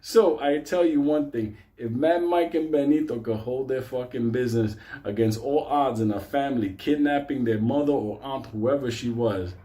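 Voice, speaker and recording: A man's voice: medium pitch, normal speed, hardly any pauses, dark tone. A man, casually telling a long story, swearing heavily and laughing as he goes. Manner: profane, laughing through the story. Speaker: host.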